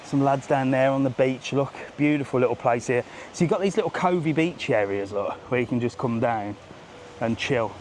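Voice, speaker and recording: Out on a sunny seafront street, this middle-aged man rants and jokes through a live walking vlog, phone in hand and a little breathless. His mid-range voice has a darkish tone and moderate pace, and a faint hiss or hum runs underneath.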